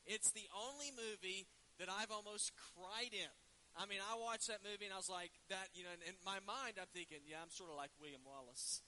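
Earnest pastor with a bright voice. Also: male voice, sits high, a little fast, poor audio. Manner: conversational, earnest, folksy asides. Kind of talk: sermon. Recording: faint hiss.

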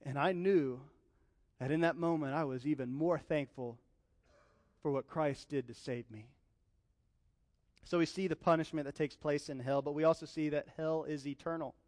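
High-voiced man preaching in a reverberant hall. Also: fairly even intonation, normal speed, long pauses, darkish tone. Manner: impassioned preaching, telling personal stories. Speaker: pastor. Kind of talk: sermon.

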